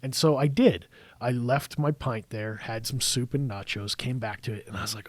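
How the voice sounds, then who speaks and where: A man's voice: mid-range voice, normal speed, dry recording. Laughing Canadian man telling stories. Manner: animated storyteller, laughs often. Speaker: podcast host from the brewery. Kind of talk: casual chat.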